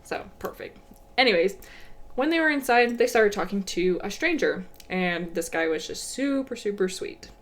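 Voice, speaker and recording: Young woman, middle pitch, easygoing chatty podcast host. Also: moderate pace. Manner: relaxed, chatty, laughs easily. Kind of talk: casual chat.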